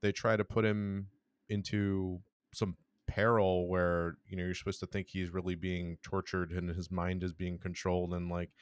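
A man co-hosting a casual podcast chat, giving blunt, wry criticism with halting restarts. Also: deep voice, flat delivery, smooth, no room sound, studio quality. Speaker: podcast co-host.

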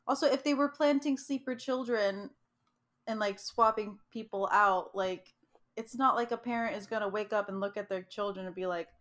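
A woman co-hosting a casual movie podcast, chiming in with quick agreement and sarcastic asides. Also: mid-range voice, a bit bright. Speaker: podcast co-host. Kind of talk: casual chat about a movie.

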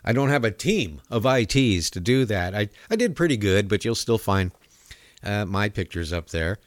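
A male talk show host ranting in a profane, mocking monologue. His pitch swings up and down a great deal as he jabs at his targets. The sound is close and dry, with no room around it. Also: lively intonation, normal speed, dry recording. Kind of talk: comedic rant monologue.

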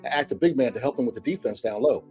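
Man with a dark, mellow voice and mid-range pitch, laid-back and rambling, faint music behind. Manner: unhurried, rambling with fillers. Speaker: podcast co-host. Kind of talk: casual sports talk.

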